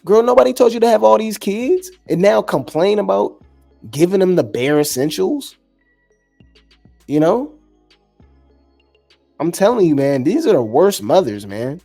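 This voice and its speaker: A man's voice: sits high, sing-song, measured pace, gravelly, pauses often, mellow, soft background music. A man hosting a gossip commentary show, reacting to a clip in a sarcastic, blunt, scolding way.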